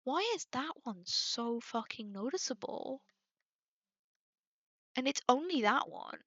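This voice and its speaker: Creaky, bright-voiced young woman streamer. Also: sits high, expressive, slow pace, no echo. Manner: exasperated, swearing, talking to chat. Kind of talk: casual livestream chat. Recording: dull lo-fi dry mic.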